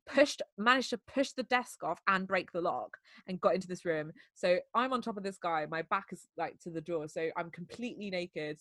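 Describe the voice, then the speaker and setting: A young woman tells a story on a podcast in a loose, giggly way. She uses lots of fillers and acts out the other people's lines. Her voice sits at a medium pitch and sounds dry and close to the mic. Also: a bit bright, dry recording. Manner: giggly, fast, filler-heavy retelling with quoted dialogue. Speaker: podcast host telling a story. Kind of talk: casual storytelling chat.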